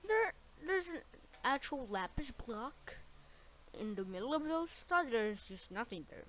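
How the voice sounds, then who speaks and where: A woman with a bright, forward voice pitched a little high, commenting casually over a video. She chats loosely and breaks in with curious questions. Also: big pitch swings, a little hiss or hum. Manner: chatty and questioning, quick interjections. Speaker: reaction video host.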